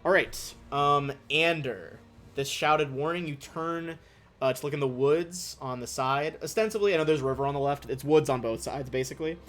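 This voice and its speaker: A young man running a tabletop game as game master, chatty and relaxed, swearing casually. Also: on the high side, normal speed, soft background music.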